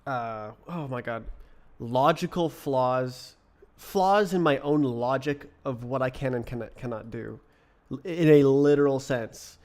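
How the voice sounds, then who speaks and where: A man's voice: mid-range voice, unhurried, a little mellow. A young British man live-coding on stream, thinking aloud in a casual, puzzled way and answering his chat between mutters to himself. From Britain.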